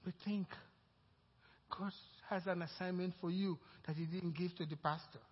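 A pastor preaching a sermon, rising into loud emphatic passages and calling out to the congregation for responses. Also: male voice, high voice, fairly even intonation, normal speed, husky. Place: church. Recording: reverberant church hall, dull lo-fi sound.

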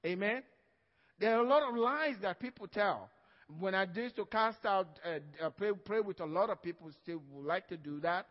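Pastor, male, high voice, emphatic sermon delivery, dull recording with long hall reverb. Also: moderate pace. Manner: preaching with emphatic stresses and frequent "Amen?".

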